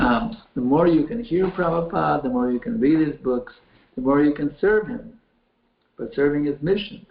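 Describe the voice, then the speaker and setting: A man's voice: fairly high pitch, gravelly. A man, a spiritual teacher, answering questions from a chat window in a folksy, repetitive way that often restarts phrases. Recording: tinny phone-like line in an echoey room.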